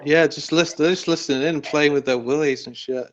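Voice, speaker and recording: A man's voice: on the high side, steady tone, a little fast. A man chatting on a video call, joking crudely and teasing. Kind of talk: casual live-stream chat. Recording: dull lo-fi call audio.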